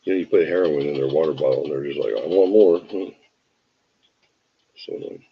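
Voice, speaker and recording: A man's voice: a bass voice, steady tone, rapid-fire, breathy edge, dull audio. A tired man hosting a show, telling a rambling, wry, self-deprecating anecdote full of digressions. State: tired from an early start. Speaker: show host. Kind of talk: casual anecdote storytelling.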